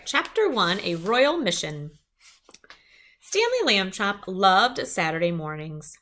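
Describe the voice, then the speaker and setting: A woman reading a children's chapter book aloud, with small asides to her listeners. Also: mid-range voice. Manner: lively storytelling, small asides.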